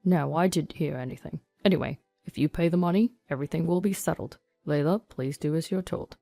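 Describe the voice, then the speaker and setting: A woman's voice: low voice, fairly quick, creaky, warm tone, soft background music. A woman voicing a stern, evasive male police officer who talks in a curt, official way.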